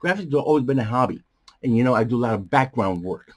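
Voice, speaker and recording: A man hosting a movie review show from a small bedroom studio, talking in a rambling, animated way with many fillers and a strained, coughing voice. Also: mid-range voice, fast talker. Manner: animated, jumps around, many fillers and restarts. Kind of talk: casual rambling commentary.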